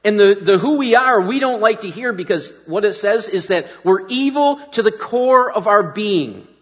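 A man's voice: high voice, expressive, moderate pace, fairly bright tone. A middle-aged man preaching a sermon in a folksy, self-deprecating, conversational way, often restarting his sentences. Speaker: pastor. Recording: muffled sound with long hall reverb.

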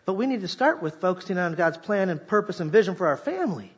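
A man preaching a sermon, animated and jokey, talking directly to a congregation and leading them in call-and-response. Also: high voice, quick pace, slightly rough, lo-fi sound. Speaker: pastor.

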